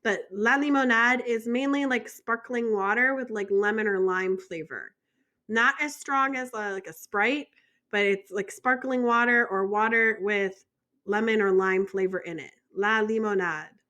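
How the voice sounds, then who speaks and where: An American woman runs a vocabulary lesson as a French teacher, chatty and full of small jokes and questions to the viewer. Her voice sits a little high and sounds bright and clear. She speaks slowly and carefully. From United States.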